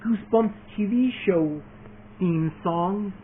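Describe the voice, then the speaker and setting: A high-voiced man rambles eagerly through a casual vlog. He restarts sentences and leans on fillers. The sound is thin and phone-like, with a faint hiss behind it. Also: takes it slowly. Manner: eager, keeps adding more points. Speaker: video creator announcing his fan series.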